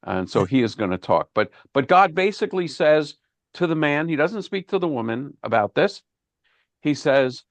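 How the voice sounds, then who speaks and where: A man's voice: fairly high pitch, very animated, normal speed, no room sound. A man, a rabbi, leading an informal online Bible class, thinking aloud and often repeating words. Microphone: video call.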